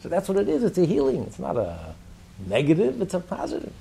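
A man's voice: high voice, wildly swooping pitch, brisk, vocal fry, mellow, a little hiss or hum. A man teaching a religious text class in an emphatic manner, repeating his points and asking rhetorical questions. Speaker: Torah teacher.

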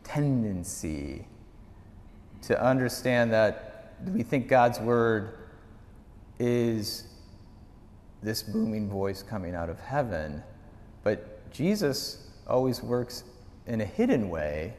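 A man's voice: slow pace, long pauses. A male pastor teaching a Bible study in a conversational, storytelling way. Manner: conversational storytelling, lively pitch. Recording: echoey hall reverb.

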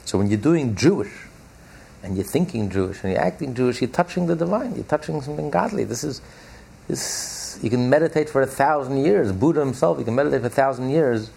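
A man teaching a religious text class, explaining emphatically and repeating key phrases slowly for stress. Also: medium pitch, animated, vocal fry, a little mellow, slight background noise.

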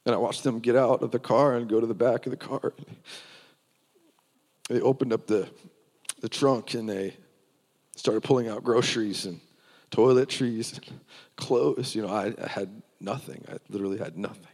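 A man's voice: mid-range voice, moderate pace, long pauses, a little mellow, in a large hall. A man preaching, telling his personal testimony in an earnest storytelling way.

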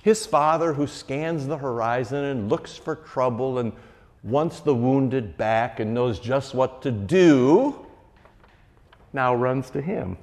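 A man giving a sermon as a pastor, animated and conversational, with wry asides. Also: mid-range voice, slow pace. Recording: reverberant church hall.

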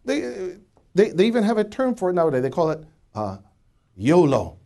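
A man's voice: high-pitched, sing-song, moderate pace, mellow. A middle-aged man teaching from the Bible to a studio audience, asking questions and restarting his words often. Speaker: preacher.

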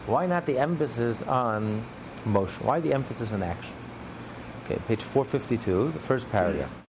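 A man leads a text study class in a gravelly voice, stacking phrase on phrase as he explains. His speech builds through repetition. A steady hum of air conditioning and room noise sits behind him. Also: mid-range voice, moderate pace. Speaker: Torah teacher.

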